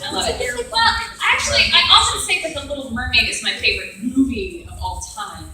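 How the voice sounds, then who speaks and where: Bubbly woman, thirties, lively panel guest, fairly high voice, off-mic in a reverberant hall. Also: a little fast, crowd noise. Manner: chatty and bubbly, laughs often. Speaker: voice actress and director on a convention panel. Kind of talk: casual convention panel Q&A. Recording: echoey hall, voice from a distance.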